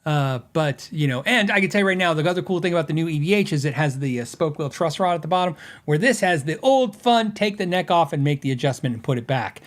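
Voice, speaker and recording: A man's voice: on the high side, lively intonation, fast talker, few pauses. Rambling man hosting a podcast. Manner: rambling, filler-heavy storytelling with laughs. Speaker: podcast host. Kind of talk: casual chat.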